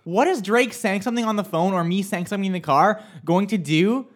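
A man co-hosting a radio chat show, telling stories in a lively way and acting out his own panicked lines. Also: high-pitched, brisk. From New Jersey. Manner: animated storytelling, acts out his own panicked quotes. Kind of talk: casual chat.

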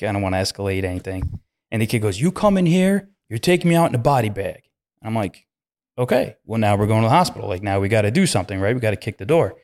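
Low-voiced man telling a lively cop story. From United States. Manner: animated storyteller, acts out voices with sudden loud jumps. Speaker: police detective and podcast guest. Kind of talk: casual storytelling in a podcast chat.

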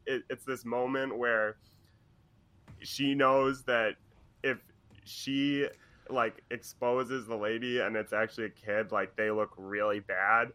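A man's voice: mid-range voice, steady tone, unhurried, pushed and bright. A young man in casual podcast chat, animatedly retelling a story and acting out the quotes. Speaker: podcast co-host.

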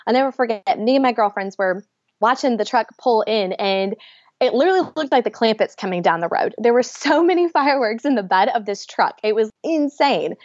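Animated woman telling a story. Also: on the high side, a little fast, dry recording. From Georgia, US. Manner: animated, laughs often, acts out quotes. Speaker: podcast guest. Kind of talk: storytelling in a casual interview. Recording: dry, dull lo-fi sound.

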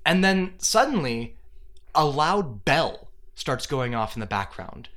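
A man's voice: fairly high pitch, big pitch swings, slow pace, over loud music. A young man narrating a tabletop game as game master, casual with frequent fillers.

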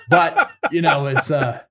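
A man's voice: on the high side, creaky, heavy background noise. Man retelling a folk tale casually. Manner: irreverent, swears, fast retold dialogue. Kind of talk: casual comic storytelling.

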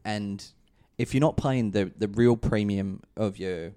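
A man's voice: fairly low pitch, measured pace, dark tone. A man hosting a casual fantasy basketball chat, leading the talk with jokey asides. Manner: chatty, leads the discussion, jokey asides. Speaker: podcast host.

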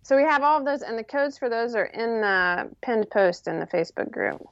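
A woman who designs sewing patterns, chatting casually as a guest in an interview, talking in quick bursts with lots of fillers. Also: on the high side, expressive, no room sound, muffled recording.

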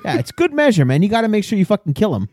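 Profane, joking man, lively pitch. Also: rapid-fire, no echo. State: shivering from cold. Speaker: podcast co-host. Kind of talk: crude casual banter. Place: outdoors in the cold.

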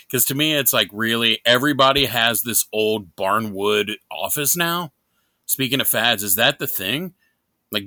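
A podcast co-host from New York, a man with a somewhat low but bright, forceful voice. He rambles and jokes, swearing freely. The sound is dry and close. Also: no echo. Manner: joking, profane, rambling. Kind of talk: casual chat.

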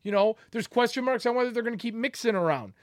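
High-voiced man breaking down football. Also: expressive, fast, no room sound, studio quality. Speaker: sports podcast co-host. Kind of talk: casual sports debate.

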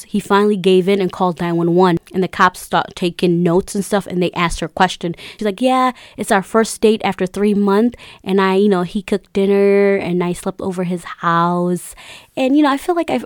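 A woman's voice: mid-range voice, no echo. Woman, casual storyteller, chatty with fillers, dry close sound. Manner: chatty, retells with quoted voices and many fillers.

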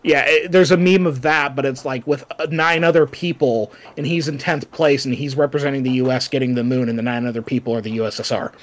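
A man's voice: medium pitch, steady tone, brisk, hardly any pauses. A man co-hosting a casual podcast chat, talking loosely with many fillers and asides as he reads from his notes. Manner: chatty, lots of fillers and asides. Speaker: podcast co-host.

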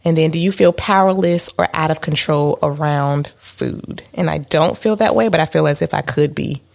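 Candid chatty woman with a gravelly edge. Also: sits low, normal speed, darkish tone. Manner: candid, self-deprecating, chatty with fillers. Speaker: podcast co-host. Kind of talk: casual chat.

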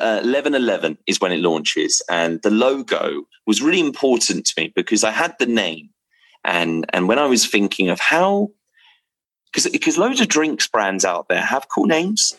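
Excitable rambling man, low voice. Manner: rambling, excitable, many restarts and fillers. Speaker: drinks brand founder. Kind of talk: casual storytelling to camera.

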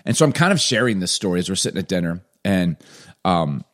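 A man's voice: deep voice, big pitch swings, fast, a bit bright. A man co-hosting a casual chat, telling stories loosely and leaning on filler words. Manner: loose, rambling storyteller, heavy on "like". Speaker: podcast co-host, father.

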